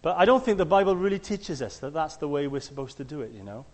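A man preaching a conversational sermon. He tells stories and acts out the quotes, sometimes shouting them loudly. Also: fairly high pitch, lively intonation, fast, long reverb tail.

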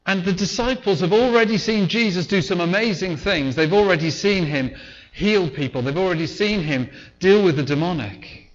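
This conversational sermon comes from a man whose voice sits high, moving at a moderate pace, occasionally acting out the voices of people in the story. The sound is lo-fi.

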